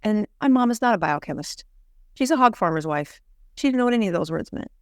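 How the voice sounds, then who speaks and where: An animated, fast-talking middle-aged doctor from the United States, her voice mid-range, shares a personal story earnestly as a guest, with frequent "you know" restarts. The recording is dry and studio quality.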